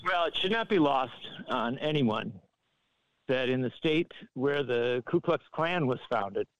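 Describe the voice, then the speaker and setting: A man appearing as a political journalist guest, explaining in a deliberate, measured way with pauses. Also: mid-range voice, lively intonation, no echo, dull audio. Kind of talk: measured political commentary on a phone line.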